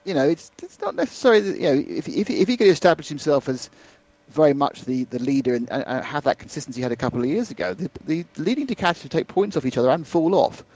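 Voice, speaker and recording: A man co-presenting a motorsport radio podcast, giving chatty, animated analysis in casual conversation. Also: on the high side, quick pace, no room sound, poor audio.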